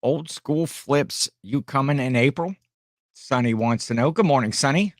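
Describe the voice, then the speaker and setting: A man's voice: mid-range voice, moderate pace, dry recording, studio quality. A middle-aged man from Ohio hosting a casual live stream at home, rambling and greeting viewers by name.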